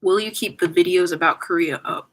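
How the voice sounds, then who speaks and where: A woman's voice: fairly low pitch, fairly quick, poor audio. A young woman chatting on a farewell livestream, emotional and trying not to cry, apologizing and rambling with many fillers. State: holding back tears. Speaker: YouTuber saying goodbye on a livestream. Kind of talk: casual livestream chat reading comments.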